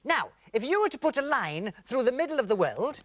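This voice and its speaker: A man's voice: very high-pitched, big pitch swings, fairly quick. Man playing the patient explaining straight man. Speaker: comedy presenter. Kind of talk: comic double-act patter.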